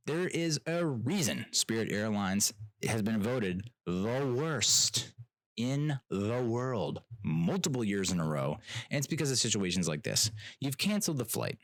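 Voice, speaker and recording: A young adult man, hosting a podcast and telling an exasperated, animated story that mimics other people. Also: medium pitch, dry recording. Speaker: podcast host. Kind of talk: casual ranting monologue.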